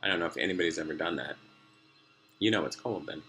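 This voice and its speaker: Low-voiced man, rambling diary talk at home, crisp bright tone. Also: quick pace, soft background music. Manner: meandering, sidetracked, many fillers, laughs often. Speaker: vlogger. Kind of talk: rambling personal video diary. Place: room at home at night.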